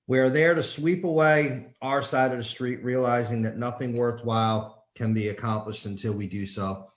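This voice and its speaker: A man speaks at an AA meeting, moving from reading aloud to a plain, earnest personal story. He restarts his sentences often. The sound is dull and carries the echo of the room. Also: medium pitch.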